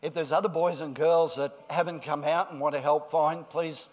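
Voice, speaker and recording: A middle-aged male pastor giving a friendly children's talk, then a deliberate sermon. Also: fairly high pitch, steady tone.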